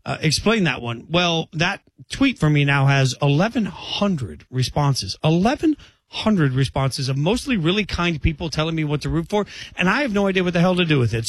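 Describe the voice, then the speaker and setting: A man's voice: sits high, a bit bright, dry recording. A man hosting a sports radio show, joking and chatty, with some hesitant restarts. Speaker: radio host. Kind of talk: casual sports radio talk.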